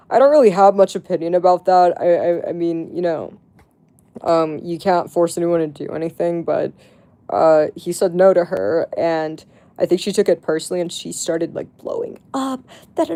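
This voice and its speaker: Mellow-voiced woman streamer telling a story. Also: fairly low pitch. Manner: chatty, heavy on "like" and profanity. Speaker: livestreamer. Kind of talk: casual storytelling to viewers.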